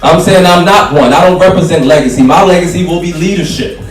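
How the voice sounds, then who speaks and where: At a community hall meet and greet, a high-pitched, fast-talking council candidate gives a fiery, plain-spoken campaign speech to a crowd. The room is echoey, he sounds far from the mic, and music plays faintly behind.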